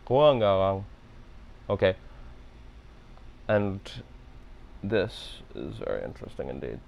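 Low-voiced man thinking aloud while practicing. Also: animated, normal speed, dull audio, a little hiss or hum. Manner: self-deprecating, thinking aloud, repeating phrases. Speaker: language learner and video host. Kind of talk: self-narrated practice session.

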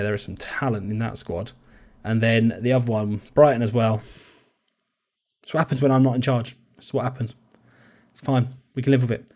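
A man's voice: medium pitch, a little mellow. A young man giving chatty, jokey commentary on a football management game, often laughing. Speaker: video game YouTuber. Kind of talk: casual gameplay commentary.

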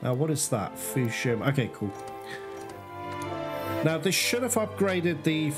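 A man's voice: a little high, measured pace. A man giving gameplay commentary who gets worked up, swears freely and keeps calling his viewers guys. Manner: excitable, swears often, talks to viewers as guys. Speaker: let's play host. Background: game music.

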